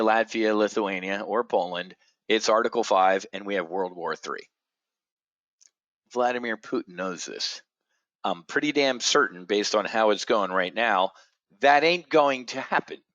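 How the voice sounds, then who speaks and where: A middle-aged man hosting an options trading show, ranting in a blunt, profane, sarcastic way that swings from low muttering to loud outbursts. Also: normal speed, no room sound, dull audio. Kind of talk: ranting monologue.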